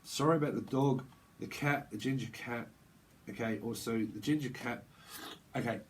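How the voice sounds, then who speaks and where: A man rambles through a live tarot reading in a casual, slangy way, repeating himself as ideas tumble out. His pitch sits in an ordinary middle range. A faint ambient hum sits behind his voice. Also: moderate pace. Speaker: tarot reader.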